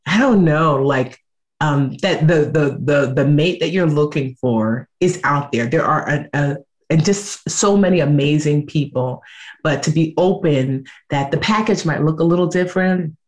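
A woman in her thirties talking casually as a guest, lively and expressive, slipping into other people's voices as she tells stories. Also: measured pace. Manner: animated storyteller, acting out quoted voices with big pitch jumps. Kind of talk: casual conversation.

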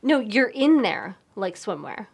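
Animated woman podcast host, lively pitch. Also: a little slow, vocal fry, breathy edge. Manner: animated storyteller, swings into loud quoted voices. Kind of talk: casual podcast chat.

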